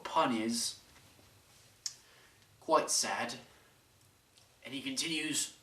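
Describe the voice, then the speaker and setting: A man's voice: medium pitch, expressive, slow, long pauses, bright, forceful tone. A man narrating an amateur story with earnest, dramatic delivery. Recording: echoey room, mic far off, faint hiss.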